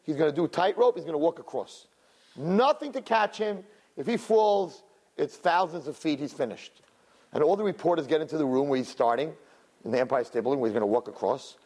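A man teaching a religious lesson through a story, talking in an animated way with many "you know" and "right?" asides. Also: fairly quick. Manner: acts out crowd voices in high, loud bursts.

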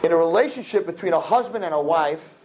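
A man giving a sermon to a live audience, preachy and animated, acting out little scenes as he talks. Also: a little high, fast, slight background noise, rough recording. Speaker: religious speaker.

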